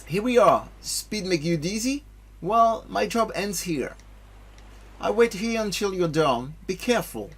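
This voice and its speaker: A man's voice: high voice, expressive, unhurried, slightly rough, voice pushed up, full character voice. A man reading the lines of a cocky young male apprentice dragon knight in a brash, teasing way. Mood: matter-of-fact.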